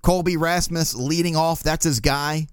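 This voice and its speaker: A man's voice: fairly high pitch, steady tone, unhurried, clear, resonant tone, no room sound, clean studio sound. A young man hosting a casual sports talk podcast, rambling in a sarcastic, exasperated way. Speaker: podcast host.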